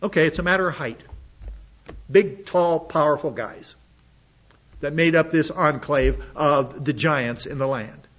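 A man's voice: fairly high pitch, measured pace, fairly bright tone, lo-fi sound. A man preaching an expository sermon, reading scripture aloud and commenting on it with blunt sarcasm.

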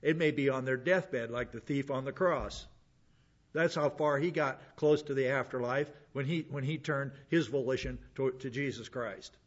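A man's voice: medium pitch, normal speed, muffled recording. A man preaching a sermon in a conversational way, with chuckling asides and frequent fillers. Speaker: pastor.

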